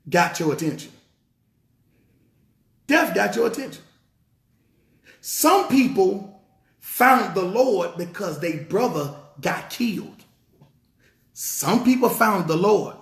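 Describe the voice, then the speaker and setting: A pastor preaching with an emphatic, repetitive cadence, his pitch rising and falling dramatically. His voice is high for a man, with a gravelly rasp. The sound bounces around an echoey room. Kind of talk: sermon. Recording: roomy echo.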